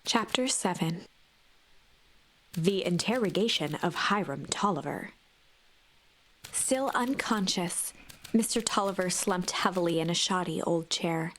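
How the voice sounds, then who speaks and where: Narrator: woman, whispered story narration, hushed suspense, mid-range voice. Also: medium pitch, a little hiss or hum.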